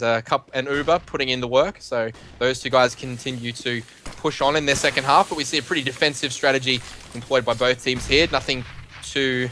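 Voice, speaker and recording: A man with an Australian accent calling live esports play-by-play, excitable and climbing on the big plays. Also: mid-range voice, a little hiss or hum. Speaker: esports commentator. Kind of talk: play-by-play commentary.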